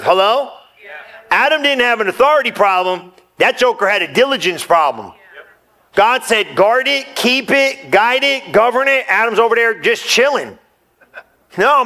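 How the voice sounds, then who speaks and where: A pastor with a high voice preaches a sermon in church, full of energy and joking with the congregation, at times rising nearly to a shout.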